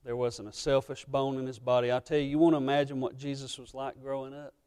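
A man preaching a sermon as pastor, emotional and impassioned, swinging between loud passages and hushed ones. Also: mid-range voice, level tone, fast, smooth.

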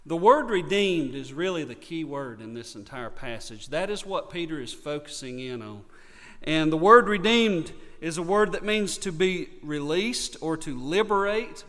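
A man's voice: a little high, a bit bright, big-room sound. A man from North Carolina with a Southern accent, preaching a sermon earnestly and repeating key points for emphasis. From North Carolina, USA. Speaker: pastor.

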